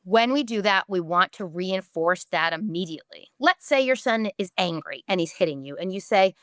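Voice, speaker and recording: A woman's voice: on the low side, expressive, normal speed, fairly bright tone, no echo, studio quality. Emphatic woman giving parenting advice. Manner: emphatic and direct, acts out short parent and child quotes. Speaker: parenting podcast host.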